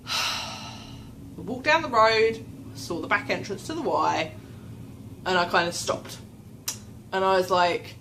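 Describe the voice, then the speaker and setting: A young woman vlogs a long, rambling, self-mocking story, animatedly acting out her own anxious thoughts in a quoted inner voice. Her voice is fairly low, at normal speed with frequent pauses, in a rough recording with slight background noise.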